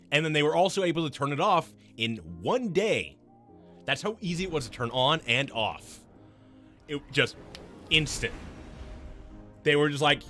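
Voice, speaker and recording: A man streaming a game, chatting casually and rambling through animated stories with lots of restarts. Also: on the high side. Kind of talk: casual chat while gaming.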